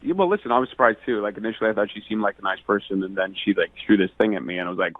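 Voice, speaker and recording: A man's voice: lowish voice, very fast, dry recording. A man calling into a radio show, retelling a bad date in an indignant, dramatic way. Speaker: caller on a radio prank segment. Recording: tinny phone line.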